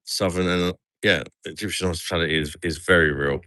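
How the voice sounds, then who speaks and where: A chatty English man hosts a casual livestream and keeps calling people "mate". His voice is very low yet bright and forward. The sound is close and dry, with no room around it. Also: steady tone, brisk, no room sound. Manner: chatty, says "mate" a lot. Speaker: livestream host. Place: outdoors at night in a resort town.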